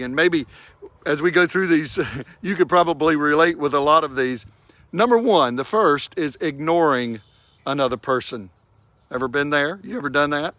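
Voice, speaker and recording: A middle-aged man with a slightly raised pitch delivers a brief devotional in a close, dry recording. He takes his time and draws out the words he wants to land. His tone is gentle and conversational. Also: no room sound. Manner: warm, unhurried, stretches key phrases for emphasis. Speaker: devotional speaker. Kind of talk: short devotional talk.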